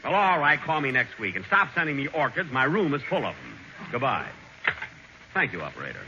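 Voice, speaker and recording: A man playing a vain, self-satisfied glamour boy in a 1940s radio comedy, boasting in a dry, deadpan way. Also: medium pitch, a little fast. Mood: smug. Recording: muffled hissy 1940s radio broadcast.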